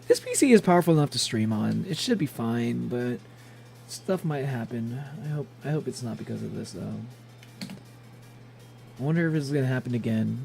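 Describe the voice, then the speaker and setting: Gravelly young man streaming chatter. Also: medium pitch, mellow. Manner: rambling, laughs often, chatty. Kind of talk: casual gameplay streaming chat.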